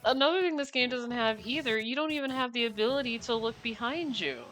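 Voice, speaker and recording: A woman's voice: a little high, a little fast, fairly bright tone, rough recording. A young woman chatting casually while streaming a racing game, rambling with lots of fillers, apologizing and laughing often. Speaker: gaming streamer. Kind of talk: casual live-stream chat while playing. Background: game music.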